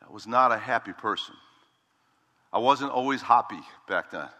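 A middle-aged man preaching a sermon as a pastor, emphatic, slowing down and stretching key words for weight. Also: medium pitch, bright, forceful tone, big-room sound.

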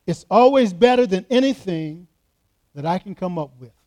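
High-voiced pastor preaching emphatically. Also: male voice, expressive, normal speed, mellow. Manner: emphatic, repetitive, talking straight to the congregation. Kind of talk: sermon. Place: church, in front of a congregation.

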